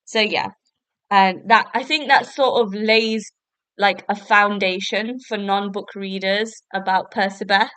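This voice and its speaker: A woman's voice: medium pitch, steady tone, unhurried, a bit bright, smooth, dry recording. A woman hosting a podcast, talking through a review in a rambling, casual way full of fillers. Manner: chatty, rambling, lots of fillers like "so basically" and "like". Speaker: podcast host. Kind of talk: casual solo review chat.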